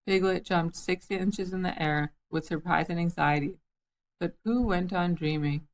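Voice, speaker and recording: A woman reads a children's story aloud, gentle and lightly amused. Her voice sits on the low side for a woman's, calm and even. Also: rough recording. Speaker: storybook reader. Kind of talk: reading a children's book aloud.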